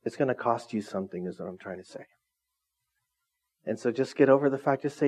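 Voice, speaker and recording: This middle-aged pastor of a small church speaks at medium pitch, fairly quickly, with frequent pauses and a slightly mellow, husky tone. His sermon is casual and self-deprecating, and he keeps checking in with his listeners.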